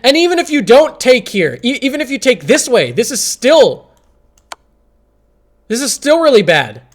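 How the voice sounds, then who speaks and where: A young man commentating chess on a live stream, exasperated, swinging between shouts and mumbling. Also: very high voice, sing-song, moderate pace.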